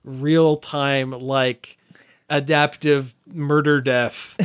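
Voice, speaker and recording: A man's voice: mid-range voice, flat delivery, drawn-out words, clear, resonant tone, no room sound, clean studio sound. A man co-hosting a casual podcast chat, rambling with lots of "like" fillers. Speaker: podcast co-host.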